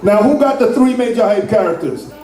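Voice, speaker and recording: A man's voice: high voice, fairly quick, mellow. A man joking with a crowd as he hosts a ticket giveaway at a live venue. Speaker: event promoter. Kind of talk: live event hosting to a crowd. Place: large indoor venue. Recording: echoey hall, distant mic.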